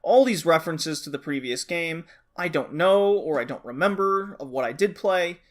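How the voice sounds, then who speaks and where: A man's voice: a little high, expressive, normal speed. A man co-hosting a podcast, bluntly complaining and swearing in casual chat. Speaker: podcast co-host.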